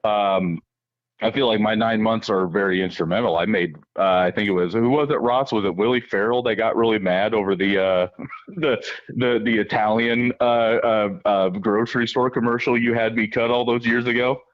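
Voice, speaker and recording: A man from Iowa calling in to a radio show, a former producer, chatting in a halting way full of fillers. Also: medium pitch, fairly even intonation, no echo, muffled recording. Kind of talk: casual radio chat.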